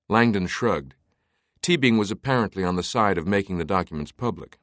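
A man narrating an audiobook in a steady, even tone. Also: sits low, brisk, no room sound, clean studio sound. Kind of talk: scripted narration.

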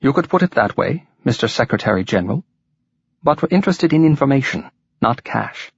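A man voicing an elderly, thick-set resistance leader with a musical, softly lilting Welsh accent. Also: medium pitch, very animated, a little fast, vocal fry, breathy edge, dry recording, voice pushed up, full character voice. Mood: calm, persuasive. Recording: dull lo-fi recording.

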